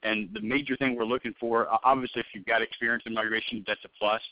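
A man's voice: fairly low pitch, level tone, fast, dry recording. A man conducting a job interview over the phone, talking loosely with many fillers and restarts. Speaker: hiring manager interviewing a candidate. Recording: muffled phone-call audio.

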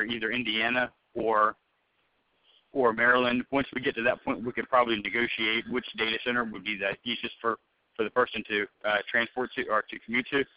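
A man's voice: mid-range voice, no room sound. Casting: man as hiring manager on a call, rambling and casual, dry close sound, slightly dull phone audio. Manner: loose, rambling, many fillers and restarts. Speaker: hiring manager interviewing a candidate. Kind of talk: phone job interview.

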